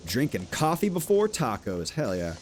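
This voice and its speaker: A man live-streaming a game, chatting loosely with his viewers and swearing, with sudden loud outbursts. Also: medium pitch, huge pitch swings, normal speed, soft background music. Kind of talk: casual live-stream chat while playing a game.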